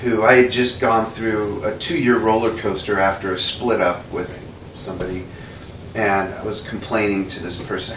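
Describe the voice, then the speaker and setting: A man being interviewed, telling a casual anecdote and acting out the quoted dialogue with lively shifts in voice. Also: fairly low pitch, moderate pace. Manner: animated storyteller who acts out quoted dialogue. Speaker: interview guest, drummer. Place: indoor room with a window. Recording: roomy echo, mic at a distance, faint background noise.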